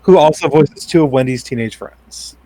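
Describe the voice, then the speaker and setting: A man co-hosting a podcast, sharing episode trivia and opinions in relaxed, filler-heavy commentary. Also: fairly high pitch, moderate pace. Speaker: podcast co-host. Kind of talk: casual podcast chat.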